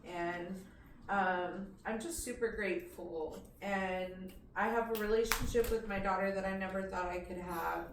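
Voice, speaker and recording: An earnest woman gives a heartfelt graduation speech in a plain, halting way. She sounds set back from the mic in an echoey room, with a faint hum of room noise behind her. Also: mid-range voice, fairly even intonation, distant mic. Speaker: program graduate.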